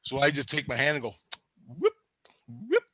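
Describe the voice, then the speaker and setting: A man's voice: moderate pace, dry recording. A man telling a wild story in casual chat, rambling and swearing, laughing and acting out voices along the way. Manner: animated, laughing, acts out voices with big pitch jumps. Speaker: storyteller recounting experiences.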